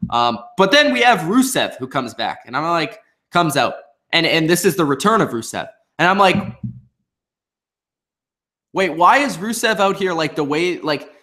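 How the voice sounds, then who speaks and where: A man's voice: fairly high pitch, a bit bright. Chatty man reviewing a wrestling show. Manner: chatty, opinionated, many fillers and restarts. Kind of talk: casual commentary.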